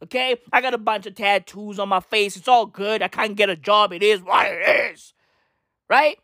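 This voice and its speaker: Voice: medium pitch, normal speed, pushed and bright, dry recording, natural voice. Speaker doing bragging tough-guy rapper, profane threats, repetitive swagger, dry close mic.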